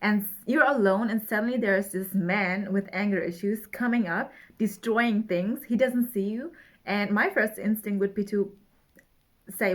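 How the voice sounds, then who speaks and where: A woman's voice: medium pitch, moderate pace. A young woman in casual chat, bluntly mocking a book she read. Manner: blunt, mocking, laughs often. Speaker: book reviewer.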